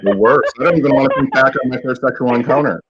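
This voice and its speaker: A man's voice: medium pitch, fast talker, over a noisy crowd. Chatty man with dull lo-fi sound. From Michigan, USA. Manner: chatty, jokey storyteller. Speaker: podcast co-host. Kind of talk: casual live podcast chat.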